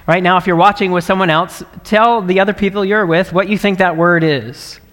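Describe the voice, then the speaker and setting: Male pastor, slightly high voice, earnest conversational preaching, big reverberant sanctuary. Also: fairly even intonation, fairly quick. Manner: conversational, earnest, warm laughs and frequent "right?". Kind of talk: livestreamed sermon. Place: large church sanctuary. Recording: long reverb of a large hall.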